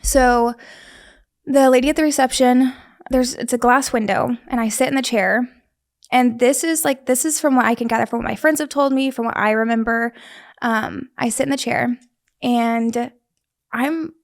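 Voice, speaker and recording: A woman's voice: on the high side, gravelly. A young woman earnestly recounting a personal story in casual conversation, with frequent restarts. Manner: vivid, earnest retelling with many restarts. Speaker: guest sharing a survival story.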